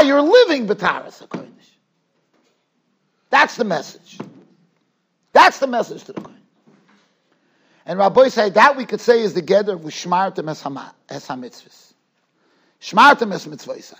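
New rabbi, very high and lively voice, emphatic lecture style, builds points by repeating himself. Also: male voice, moderate pace, long pauses, breathy edge. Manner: emphatic, rises to near-shouts on key points; mixes Hebrew and Yiddish terms into English. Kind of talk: Torah lecture. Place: yeshiva study hall.

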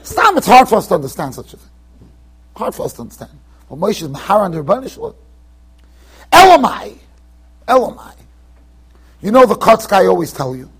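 A rabbi teaching a Torah class in a yeshiva, animated and emphatic, acting out the people he quotes with sudden loud bursts and quiet asides. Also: sits high, brisk, pauses often, husky. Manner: swings between emphatic and quiet, trailing-off asides. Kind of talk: Torah lecture to students. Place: yeshiva study hall.

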